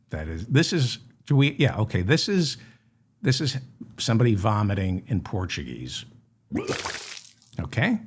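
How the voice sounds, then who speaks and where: A man delivers a comic news monologue in a mock-serious, deadpan tone. His pitch swings widely between low mutters and sharp indignant rises. He takes his time and speaks at an unhurried pace. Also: a little hiss or hum. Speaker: comedy news host.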